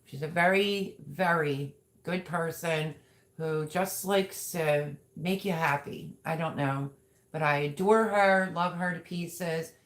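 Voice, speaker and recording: A woman's voice: low voice, slow. A woman hosting a casual livestream, chatty and gushing as she reads out viewer comments. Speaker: livestream host.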